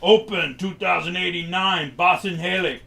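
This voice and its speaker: A man voicing a confused woman from the future who speaks halting, broken English. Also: sits high, steady tone, creaky, pushed and bright, pitched above the performer's own voice, full character voice. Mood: halting, puzzled. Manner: halting, fragmented speech.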